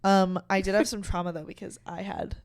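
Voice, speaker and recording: Animated, foul-mouthed young woman podcast host. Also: medium pitch, fairly quick, gravelly. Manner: animated storyteller, swears freely, acts out quotes loudly. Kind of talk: casual chat.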